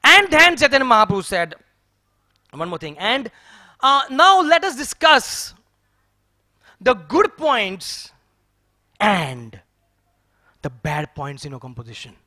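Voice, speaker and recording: A man preaches in a temple, telling a story in a chatty, chuckling way. His voice is very high and bright. The recording is close and dry. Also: slow, long pauses, dry recording. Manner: lively storytelling, chuckling, conversational. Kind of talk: sermon. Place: temple hall.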